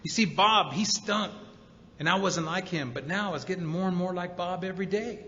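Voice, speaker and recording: A man's voice: high voice, fairly quick, bright, forceful tone, a little hiss or hum. A man giving a personal recovery testimony at a convention, telling his story with emotional emphasis. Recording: roomy hall reverb, dull sound.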